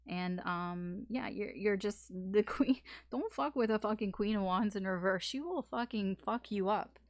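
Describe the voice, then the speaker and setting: A woman's voice: mid-range voice, normal speed, no room sound, clean studio sound. A woman giving a casual tarot reading, talking frankly with fillers and swearing. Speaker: tarot reader.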